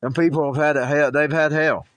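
A man's voice: fairly high pitch, fairly even intonation, brisk, fairly bright tone. A man who hosts a political talk show, rambling through personal stories and news commentary, stumbling and restarting, and growing heated.

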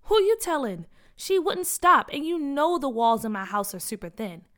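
Tired, grumbling schoolgirl with a high voice , played by a woman for a kids' audio story. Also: expressive, normal speed, a bit bright. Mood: grumbly.

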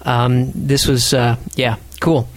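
A man hosting a casual podcast, chatty and self-deprecating, rambling through listener shout-outs. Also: medium pitch, level tone, slow, no room sound. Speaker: podcast host.

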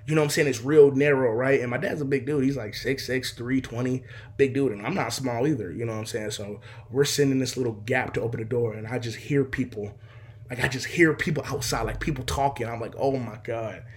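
A man's voice: medium pitch, brisk, breathy edge. A young man telling a personal story casually, full of fillers, acting out the scenes. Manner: animated, heavy filler words, acts out scenes.

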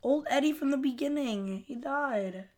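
A woman's voice: high voice, normal speed, a little mellow. A woman co-hosting a casual podcast, teasing her co-host and laughing often while reviewing an episode.

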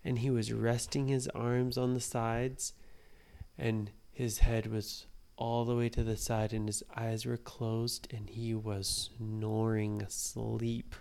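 A man's voice: medium pitch, level tone, takes it slowly, vocal fry, a little mellow, clean tone. A man telling an improvised bedtime story to children, building suspense and dropping into whispers.

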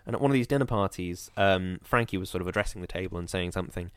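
A man chatting casually as a podcast co-host, telling an animated story full of ums and restarts. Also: low-pitched, fast, clear, resonant tone, dry recording, clean studio sound. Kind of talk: casual chat. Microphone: on camera, close mic.

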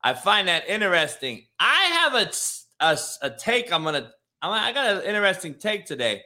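A man's voice: high voice, sing-song, normal speed, bright, forceful tone. A man hosting a casual sports talk show, laid-back, swearing freely and restarting his sentences. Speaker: podcast host.

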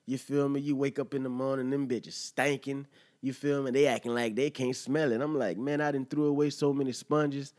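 A man's voice: medium pitch, flat delivery, moderate pace, darkish tone. A man hosting a podcast, riffing casually on an article with a laid-back, profane manner, chuckling often and asking listeners if they follow him. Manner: conversational, asks listeners "you feel me?". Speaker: podcast host. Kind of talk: casual monologue reacting to an article.

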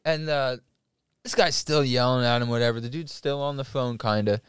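A man's voice: mid-range voice, normal speed, fairly bright tone, smooth, no room sound, clean studio sound. A man in casual chat, telling a story with heavy swearing and acting out the people in it. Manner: profane storyteller acting out quotes.

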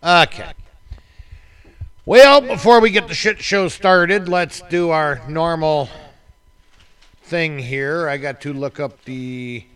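A man's voice: on the high side, slow, long pauses, fairly bright tone. A man hosting a podcast with crude, joking banter among friends. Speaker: podcast host. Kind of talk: casual banter.

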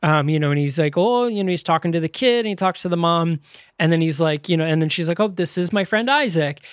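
A man's voice: a little high, fast talker, no room sound, studio quality. A man co-hosting a podcast, reviewing a movie in casual chat and rambling with lots of fillers. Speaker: podcast co-host.

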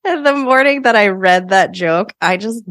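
A woman's voice: medium pitch, lively intonation, normal speed, fairly bright tone, no echo, studio quality. A woman hosting a solo podcast as a coach, talking in a chatty, upbeat way and laughing often.

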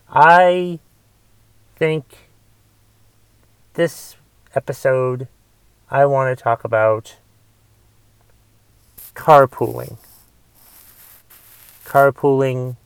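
A man's voice: mid-range voice, gravelly, clear, resonant tone, no echo. A young man hosting a solo podcast, ranting in a casual, rambling way with restarts and swearing. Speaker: podcast host.

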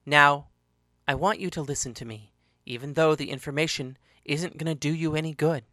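A ruthless young woman fighter speaks in a low, controlled, quietly menacing voice, as a male reader puts her on. The tone stays bright and forceful, and the sound is dry and close. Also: moderate pace, no echo.

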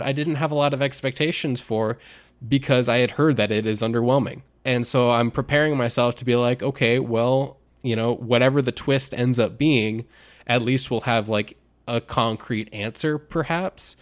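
Animated man telling a story on a podcast. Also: mid-range voice. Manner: animated storyteller, acts out quotes with shouts. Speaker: podcast co-host. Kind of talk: casual podcast chat.

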